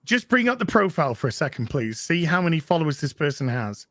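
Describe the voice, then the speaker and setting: Man, high lively voice, bright and sharp, emphatic, swears a lot. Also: quick pace, no room sound, studio quality. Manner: emphatic and profane, with repeated words. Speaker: panel co-host. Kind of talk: heated casual panel chat.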